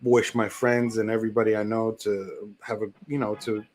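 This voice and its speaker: A man's voice: lowish voice, level tone, normal speed, darkish tone, slight background noise. Laid-back joking man. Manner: laid-back, joking, reads a closing quote. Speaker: podcast co-host. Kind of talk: casual chat.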